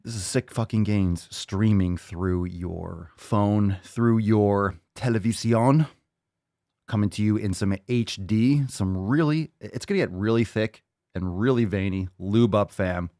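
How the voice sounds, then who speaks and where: A man's voice: fairly low pitch, measured pace, warm tone, no room sound, clean studio sound. A man hosting a casual livestream podcast, brash and profane, hyping people up and repeating phrases for emphasis. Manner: brash, profane, hyped-up gym talk. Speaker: podcast host.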